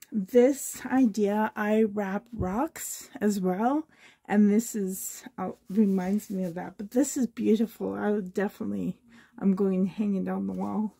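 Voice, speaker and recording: Hoarse woman from Canada, gravelly husky voice, gushing unboxing vlog, slow delighted talk. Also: mid-range voice, warm tone. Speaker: reborn doll collector vlogger.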